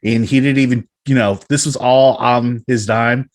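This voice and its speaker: A man's voice: medium pitch, steady tone, normal speed. A man hosting a casual podcast chat, rambling with many fillers and restarts, laughing often. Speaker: podcast host.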